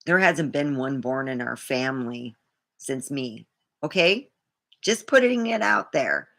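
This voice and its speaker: A woman's voice: very deep voice, lively intonation, measured pace, gravelly, fairly bright tone. A woman vlogger talking in a rambling, indignant way, swearing freely as she tells a personal story. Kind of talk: casual monologue to camera.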